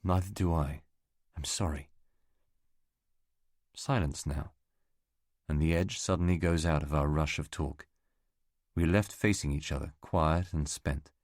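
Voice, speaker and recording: A man narrating a novel as an audiobook reader, in a measured, even delivery. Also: a bass voice, no room sound, studio quality. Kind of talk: scripted narration.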